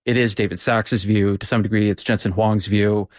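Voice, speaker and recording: A man with a low voice leads an interview, setting out views in a measured way before putting pointed questions. His sound is close and dry, without room echo. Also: fairly even intonation. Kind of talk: interview conversation.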